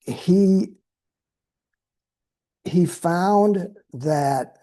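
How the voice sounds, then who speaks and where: A man giving a dharma talk as a Buddhist teacher, telling a story in a slow, measured way with pauses. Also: sits high, warm tone.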